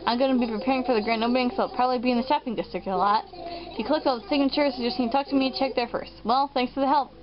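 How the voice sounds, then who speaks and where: A woman's voice: on the high side, very fast, dull audio, noisy background, close to an everyday voice. A woman voicing an eccentric male salamander club promoter with a lisping, dopey drawl. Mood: pitchy salesman.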